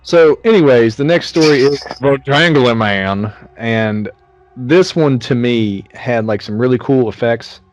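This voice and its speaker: A man's voice: medium pitch, a little slow, low-quality recording. A man co-hosting a casual movie podcast, summarizing plot with jokes and frequent swearing. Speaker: podcast co-host. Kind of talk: casual chat.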